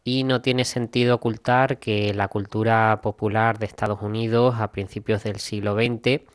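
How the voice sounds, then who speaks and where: A man presenting a music radio program, introducing a historical recording in a calm, even, informative way. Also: lowish voice, clear, resonant tone, no echo, studio quality.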